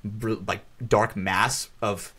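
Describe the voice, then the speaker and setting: A man's voice: fairly low pitch, level tone, slow, sharp tone. A man on a podcast telling a rambling casual story, full of fillers and swearing. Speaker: podcast co-host.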